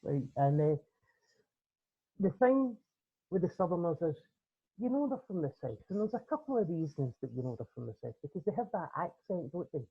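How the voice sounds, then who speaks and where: A Glaswegian woman does stand-up in a chatty, punchy way and keeps checking in with "right?". Her voice is husky and the sound is thin and phone-like. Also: on the low side, very animated, a little fast. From Scotland. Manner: punchy, conversational storytelling with tag questions. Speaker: comedian guest. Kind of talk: stand-up routine. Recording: tinny phone-like line.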